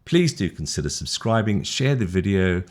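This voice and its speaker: A man's voice: low-pitched, normal speed. A British man teaching an online English lesson, friendly and encouraging, with a sing-song rise and fall. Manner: lively, sing-song intonation with big rises and falls; friendly, encouraging, rambling with restarts.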